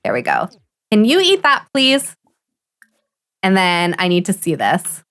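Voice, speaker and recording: A woman streamer giving casual live gameplay commentary, excitable and gushing, often gasping and laughing. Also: fairly low pitch, measured pace.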